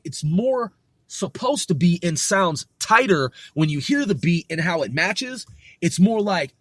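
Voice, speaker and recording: Casual rapper, higher-pitched man, talks in loops and restarts, dry close sound. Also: no echo. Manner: rambling, restarts often, swears casually. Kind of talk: casual rehearsal talk with rapped lines.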